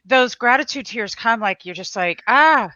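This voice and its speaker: A woman's voice: medium pitch, moderate pace, sharp tone, dry recording, muffled recording. A woman hosting a live-streamed interview, effusive and exclamatory. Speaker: host.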